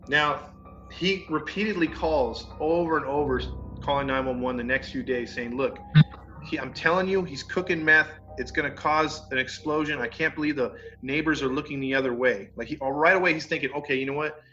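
A man casually telling a story on a podcast, acting out the people in it and cursing mildly. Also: fairly high pitch. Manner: animated, acts out quoted neighbors, mild cursing. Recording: dull lo-fi sound with faint music.

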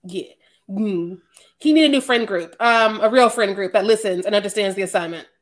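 A woman's voice: medium pitch, moderate pace. A woman co-hosting a casual podcast, blunt and profane, laughing often. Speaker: podcast co-host.

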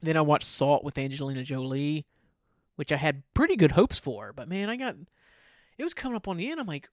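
A man's voice: on the high side, expressive, a little fast, dry recording, studio quality. A man hosting a casual solo podcast, rambling loosely, swearing offhand and often trailing off. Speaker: podcast host.

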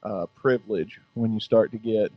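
A laid-back, middle-aged podcast host swears freely and laughs between stories in a casual chat. His ordinary-pitched voice keeps a steady tone at a moderate pace, and the audio sounds dull and lo-fi with no room echo.

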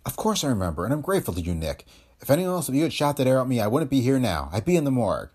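A man voicing a nervous young actress, breathy and stammering, in an audiobook of a detective story. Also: mid-range voice, big pitch swings, very fast, a little mellow. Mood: soft pleading. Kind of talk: audiobook character voice.

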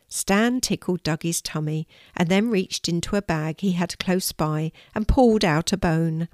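An older woman reading a children's story aloud in a calm, measured way. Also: fairly low pitch, no room sound, clean studio sound.

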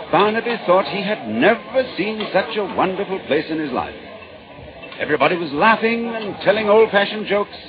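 Expressive male storyteller. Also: a little high. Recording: dull lo-fi with music. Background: music.

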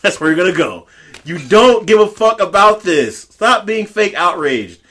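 A man on a podcast delivering a profane, heated rant, swinging between low growls and high shouted bursts. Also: animated, moderate pace. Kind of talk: profane ranting commentary.

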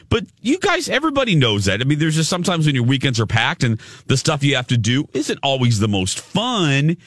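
A man hosting a radio show, telling an animated, rambling story with frequent restarts. His pitch swings up and down a lot as he talks. The studio sound is close and dry. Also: dry recording. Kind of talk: casual on-air chat.

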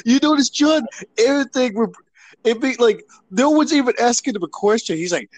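Lively high-voiced chatty podcast man. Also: fairly quick, dry recording, rough recording. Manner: laughing often, chatty. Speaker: podcast co-host. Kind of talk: casual banter.

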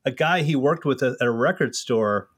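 A man telling salty, animated stories about his comedy troupe in a casual podcast chat. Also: mid-range voice, moderate pace, husky. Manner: profane, animated anecdotal storytelling. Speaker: comedy troupe member, co-host.

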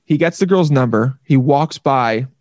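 A man in casual chat, playful and animated, often slipping into silly voices mid-story. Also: mid-range voice, a little slow, dry recording, clean studio sound. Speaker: actor.

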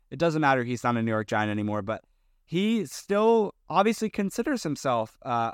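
A man co-hosting a podcast, talking loosely and circling back through fillers and restarts. His voice is smooth and resonant. It is recorded dry and close, with little room sound. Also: medium pitch, dry recording. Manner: rambling, with many fillers and restarts. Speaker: podcast co-host. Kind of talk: casual chat.

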